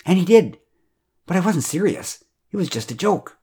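A man's voice: medium pitch, expressive, moderate pace, creaky, a little mellow. A man voicing a fidgety, sheepish husband in a storybook reading, his voice lifted above the narrator's own.

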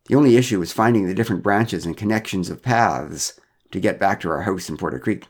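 A man's voice: low-pitched, brisk. A man telling a first-person story in a dry, understated, wry way.

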